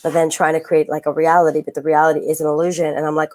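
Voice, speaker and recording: A woman's voice: low voice, little pitch movement, racing, darkish tone. A woman co-hosting a casual podcast, rambling through thoughts with fillers and restarts. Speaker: podcast co-host. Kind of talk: casual spiritual chat.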